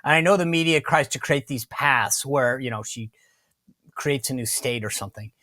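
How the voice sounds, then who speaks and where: A man hosting a political interview show, talking with animated energy and often restarting his sentences. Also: medium pitch, moderate pace, no room sound, studio quality. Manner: animated, repeats himself and restarts. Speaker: podcast host.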